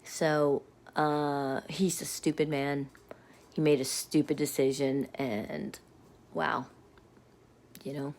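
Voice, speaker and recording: A woman's voice: deep voice, creaky. A middle-aged woman venting angrily to her viewers in a rambling rant, often dropping to a muttered whisper. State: angry. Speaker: vlogger. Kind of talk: angry personal rant to viewers.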